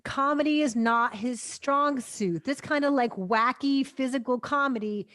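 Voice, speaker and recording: A woman co-hosting a film review podcast, talking in a casual, sarcastic and animated way with frequent laughs. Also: sits high, measured pace, dry recording, studio quality. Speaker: film critic podcast co-host.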